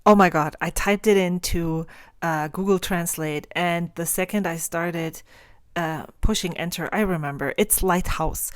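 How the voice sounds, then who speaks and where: A woman in her forties with a German accent, explaining pronunciation in a casual vlog and sounding out words slowly. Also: fairly low pitch, dry recording, clean studio sound. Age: 40s. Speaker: stationery vlogger.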